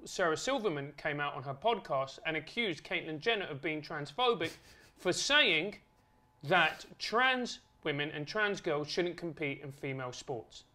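Bright-voiced earnest male guest. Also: fairly high pitch, measured pace. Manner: earnest, builds points in steady lists. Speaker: podcast guest. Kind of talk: conversational argument.

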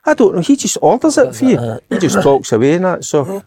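A middle-aged Scottish man chatting casually about football as a podcast co-host, telling stories in a lively, proud way. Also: sits high, brisk, a crowd in the background.

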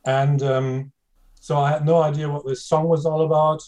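Slightly higher-voiced German man, hesitant. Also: flat delivery, moderate pace, darkish tone. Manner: hesitant, many fillers and restarts. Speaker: podcast guest. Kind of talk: casual chat on a video call. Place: room lined with books. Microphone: video call.

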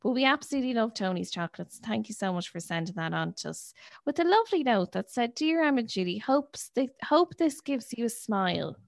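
A woman's voice: on the high side, lively intonation, a little fast, gravelly, hardly any pauses, no room sound. Woman, podcast co-host, teasing and self-mocking, dry close sound. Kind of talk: casual podcast chat.

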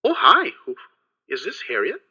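A man's voice: a little high, huge pitch swings, normal speed, bright, forceful tone, breathy edge, voice pushed up, full character voice. A man game master voicing a strange, cheerful phone caller named Harriet who repeats itself, heard over a phone line. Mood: chirpy. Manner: chirpy, rambling, repeats itself. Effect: voice heard over a telephone. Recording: dull lo-fi sound with music behind.

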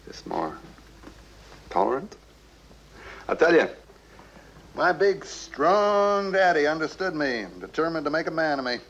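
A man's voice: fairly high pitch, big pitch swings, unhurried, pauses often, a bit bright, dull audio, exaggerated voice. An actor playing a drunk, cowardly rich man who rambles with a bitter, wistful edge. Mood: drunk confiding. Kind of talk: TV drama acting.

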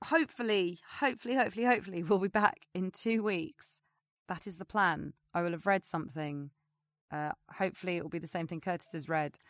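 A woman's voice: fairly low pitch, fairly quick, dry recording. A woman chats on a podcast in a loose, rambling way, full of ums and uhs. The sound is dry and close. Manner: chatty, rambling with fillers. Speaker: podcast co-host. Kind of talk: casual chat.

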